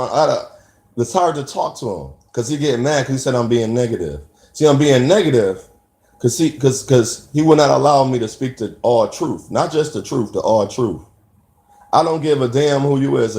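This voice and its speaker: A man's voice: mid-range voice, darkish tone, reverberant. A man talking earnestly in an unscripted monologue, preaching about commitment, with many restarts and repeated words. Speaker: self-made video speaker.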